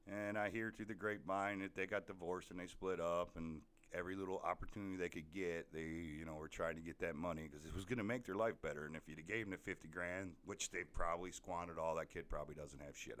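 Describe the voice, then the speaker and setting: A man with a very low voice delivers a casual, profane rant. He talks bluntly and rambles as he tells his story, swearing freely, the way a podcast host does in his own solo show. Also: fairly bright tone.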